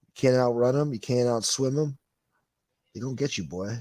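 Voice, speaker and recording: A man's voice: mid-range voice, normal speed, darkish tone, dry recording. A man hosting a casual livestream, reading viewer comments and ranting in a profane, sarcastic way. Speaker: livestream host.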